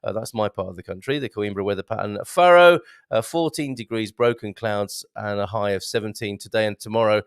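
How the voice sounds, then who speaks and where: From his home in Portugal, a man hosts a casual live-stream show over a video call, chatting and reading viewers' comments aloud. His voice is fairly low, smooth and a little fast, on a dry recording.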